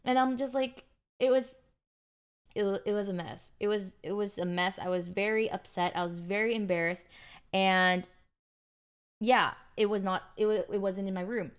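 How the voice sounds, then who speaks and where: A woman's voice: medium pitch, fairly even intonation, normal speed, smooth. A young adult woman streamer casually telling her chat an exasperated story, full of back-and-forth retellings.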